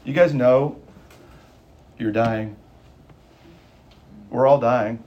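A man's voice: mid-range voice, dull audio. A man preaching a sermon, emphatic and urgent, repeating key lines and changing his pace. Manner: emphatic, repeats lines for stress, speeding up and slowing down. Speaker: pastor.

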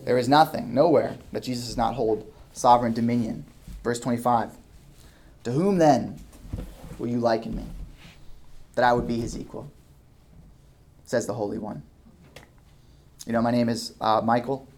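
A male pastor delivering a sermon, reading scripture aloud, rising into loud emphatic questions and dropping to soft asides. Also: mid-range voice, steady tone, normal speed, long pauses, slight background noise. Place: church hall with a ceiling.

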